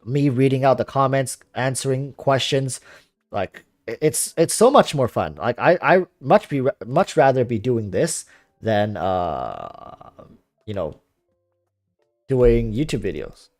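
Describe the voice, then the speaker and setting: This young man has a calm, relaxing voice that still bounces up and down in pitch as he rambles. He reads out and answers viewer comments on a casual game stream. The sound is close and dry, with faint music underneath. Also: takes it slowly, no room sound. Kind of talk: casual livestream chat.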